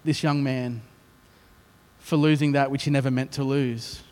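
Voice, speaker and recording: Speaking at medium pitch and an unhurried pace, a male pastor with an Australian accent delivers a sermon in a big-room sound. He tells the story with animation, sprinkling in jokes at his own expense.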